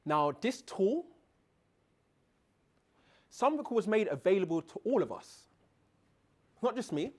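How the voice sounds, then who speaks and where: A man giving a conference keynote on presentation skills, asking the audience questions and swinging between a quiet drone and loud, rousing passages. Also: very animated, unhurried, long pauses. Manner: dramatic swings in loudness and pitch to demonstrate voices. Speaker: keynote speaker. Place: conference hall.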